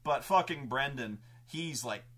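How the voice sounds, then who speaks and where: A man's voice: medium pitch, expressive, unhurried, sharp tone. A man telling a rambling, profane story about a tabletop campaign he ran as game master.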